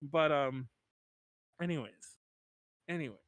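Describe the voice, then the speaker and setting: A man's voice: fairly high pitch, takes it slowly, a bit bright, no echo. A man in his thirties hosting a podcast in casual chat, rambling with lots of "like" and restarts and laughing often. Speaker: podcast host.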